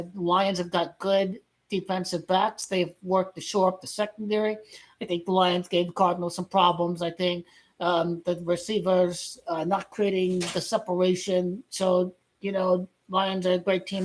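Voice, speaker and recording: A man's voice: high voice, rough recording. A man giving a casual football rant as a vlogger, blunt and profane, rambling with stumbling restarts.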